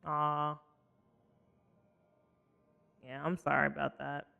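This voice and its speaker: Game streamer, casual live commentary, chatty, sympathetic, expressive outbursts, soft mutters. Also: mid-range voice, takes it slowly, creaky, clean tone, phone-quality sound. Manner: chatty and sympathetic, reacting to chat with frequent apologies; expressive outbursts, swinging between loud exclaims and soft mutters.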